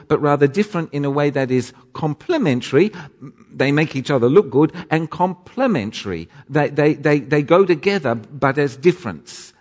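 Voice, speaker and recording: A male preacher delivering a sermon, his slightly high voice swinging through a wide, lively pitch range. He leans hard on key words and restarts phrases as he goes. The sound carries a long church reverb. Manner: expressive, dramatic emphasis with self-corrections.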